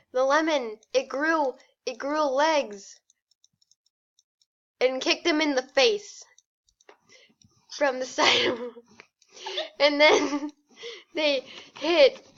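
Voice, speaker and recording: A woman's voice: high voice, fairly bright tone. A woman telling a silly improvised story to friends in a casual, giggly way, over a dull lo-fi voice chat. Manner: giggly, drawn-out narration. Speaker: storyteller in a group drawing game.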